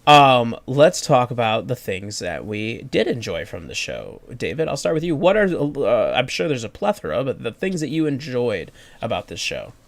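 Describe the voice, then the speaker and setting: An excitable man hosting a casual review podcast. He swears freely and jumps into animated retellings of his own reactions. His voice sits mid-range and is recorded dry and close. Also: mid-range voice, normal speed, creaky, hardly any pauses, no room sound. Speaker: podcast host.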